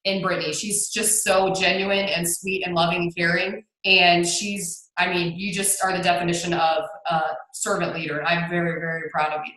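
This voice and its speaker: Energetic woman motivating on an echoey call. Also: fairly low pitch, normal speed, hardly any pauses. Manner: energetic, laughs often, gets hyped. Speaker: guest speaker. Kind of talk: motivational talk on a video call. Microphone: video call.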